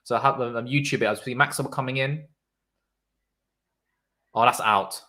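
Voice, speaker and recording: A young man calls a cricket match live for his stream viewers. He talks casually and reacts loudly to big shots. Between deliveries he chats with the people in his live chat. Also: mid-range voice, fairly even intonation, moderate pace. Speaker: livestream cricket commentator. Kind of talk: casual live watchalong commentary.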